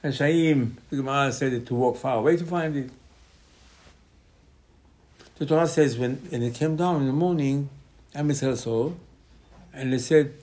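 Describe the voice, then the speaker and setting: A man's voice: medium pitch, moderate pace, pauses often, darkish tone. A man, a rabbi giving an informal Torah class in choppy English with lots of repetition. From Israel. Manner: choppy non-native English with many repetitions.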